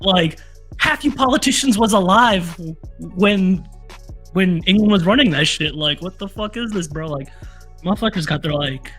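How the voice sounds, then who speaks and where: A man with a Southern US accent co-hosting a casual chat, animated and profane, laughing often. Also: high voice, normal speed, faint music behind. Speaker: podcast co-host.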